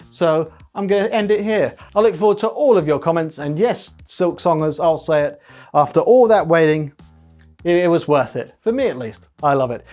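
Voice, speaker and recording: A man hosting a comedic tech news monologue, with punchy, jokey delivery and big swings in pitch. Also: a little mellow. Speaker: host.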